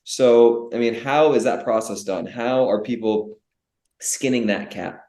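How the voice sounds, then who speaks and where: A young man co-hosting a business podcast, animated and full of rhetorical questions, often restarting his sentences. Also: medium pitch, measured pace. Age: young adult. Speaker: podcast co-host. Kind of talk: casual business podcast chat. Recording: echoey room.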